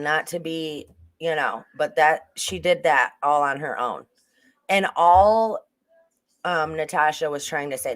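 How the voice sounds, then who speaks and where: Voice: medium pitch, fairly bright tone. A livestream host giving casual true-crime commentary, rambling with frequent restarts and asides to the chat.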